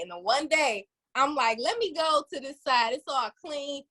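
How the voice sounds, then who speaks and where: A woman from Detroit, a podcast co-host, telling a story in casual chat and swooping up high when she quotes herself. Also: normal speed, few pauses, pushed and bright.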